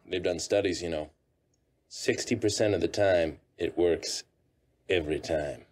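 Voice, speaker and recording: An actor in a film clip playing a smug, dim-witted man who is confidently wrong, in a very deep voice. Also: a little slow, a little mellow.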